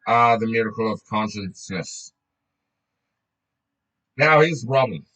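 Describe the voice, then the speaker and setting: A man's voice: fairly low pitch, animated, a little slow, pushed and bright, poor audio. A man reading a book aloud in a casual way, often breaking off to joke, swear and laugh.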